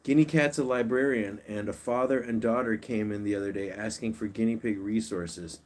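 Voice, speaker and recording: A man with a fairly low voice hosts a casual livestream. He coaxes his pets along and chats easily with the viewers. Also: steady tone, moderate pace, a little hiss or hum. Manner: coaxing, chatty, talks to his pets and reads viewer comments. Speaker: pet channel host.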